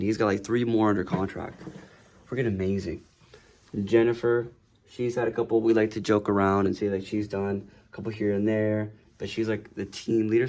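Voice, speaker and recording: A man's voice: fairly low pitch, a little mellow. A man who works as a real estate agent giving a casual, rambling tour of his office, talking loosely with many fillers. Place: office indoors.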